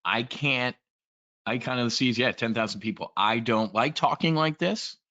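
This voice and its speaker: A man's voice: medium pitch, moderate pace, bright, forceful tone, highs cut off. A man giving a casual, blunt and profane trade briefing, talking in a rambling way as a trading educator.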